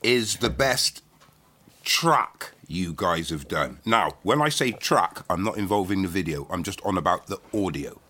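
A man hosting a casual chat, telling animated stories and mimicking people in high voices. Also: measured pace. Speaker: host.

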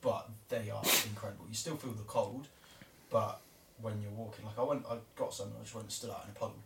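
A man in casual chat, speaking quietly and enthusiastically. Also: lowish voice, steady tone, quick pace, creaky. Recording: roomy and distant, crowd noise behind.

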